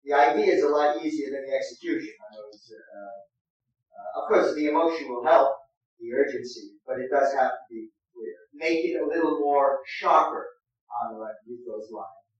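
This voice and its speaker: A man's voice: mid-range voice, normal speed. Echoey far-off male acting coach. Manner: directive, demonstrates lines aloud. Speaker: acting teacher. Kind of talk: acting master class coaching. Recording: echoey room, distant mic, dull sound.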